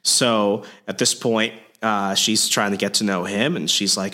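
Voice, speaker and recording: A man's voice: lowish voice, steady tone, unhurried, hardly any pauses, bright, forceful tone. Casual, profane man recapping a comic. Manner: casual, profane, lots of fillers. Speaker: comic book podcast host. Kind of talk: casual chat.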